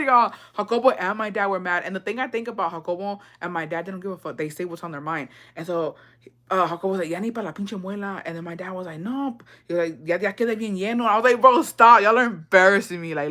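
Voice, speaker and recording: A woman telling a casual storytime, profane and animated, mixing in Spanish phrases and laughing often. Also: fairly low pitch. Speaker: vlogger.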